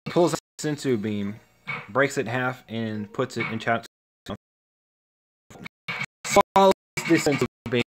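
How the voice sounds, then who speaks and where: Slow, rambling male storyteller. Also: mid-range voice, noisy background. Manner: rambling, halting, many fillers and restarts. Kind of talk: casual spoken story retelling. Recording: music playing under the voice.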